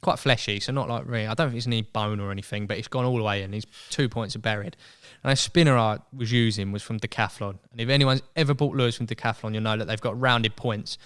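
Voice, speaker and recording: A young man telling a story as a podcast guest in casual chat, animated and acting out voices. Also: fairly low pitch, quick pace, hardly any pauses, smooth. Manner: chatty, animated, acts out quoted voices.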